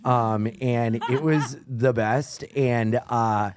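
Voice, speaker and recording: Man, comedian, casual podcast chat, animated storytelling, swears a lot. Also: mid-range voice, extremely slow, background noise. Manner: animated, swears, voice rises when excited. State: out of breath when retelling.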